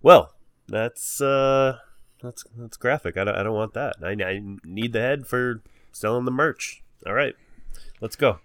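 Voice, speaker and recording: A man's voice: mid-range voice, measured pace, a bit bright, no room sound, natural voice. A man playing an eager half-orc bandit, stammering and repeating himself.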